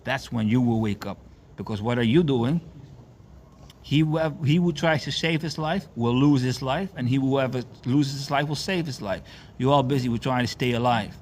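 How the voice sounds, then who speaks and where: A man's voice: mid-range voice, normal speed, darkish tone, a little hiss or hum. A man delivering a profane, repetitive preaching rant, declaiming warnings and repeating phrases for effect. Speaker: self-styled preacher.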